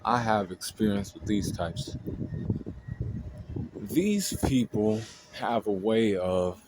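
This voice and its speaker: An astrology video host with a fairly low voice delivers a slow, casual, exasperated rant packed with blunt profanity, sounding fed up as he talks it through. It's a noisy home recording with a steady background hiss.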